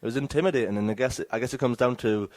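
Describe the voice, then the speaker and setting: Soft-spoken, hesitant English man. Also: mid-range voice, rapid-fire, dry recording. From England. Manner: hesitant, soft-spoken, self-doubting, many restarts. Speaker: wrestler guest. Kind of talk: casual podcast interview.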